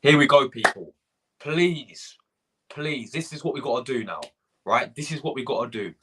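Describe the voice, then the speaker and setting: A man's voice: medium pitch, lively intonation, normal speed, background noise. A young man hosting a fan live stream, ranting, swearing and repeating himself while greeting viewers from the chat. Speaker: fan channel host.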